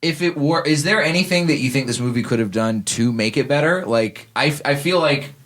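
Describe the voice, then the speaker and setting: A man's voice: medium pitch, a little fast, fairly bright tone. A man hosting a podcast, chatting casually in a crude, joking, rambling way. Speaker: podcast host. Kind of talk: casual chat.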